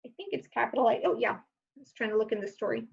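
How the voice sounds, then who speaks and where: A woman teacher giving a recorded lesson, saying each word slowly and clearly for young learners. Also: a little high, lively intonation, dull audio.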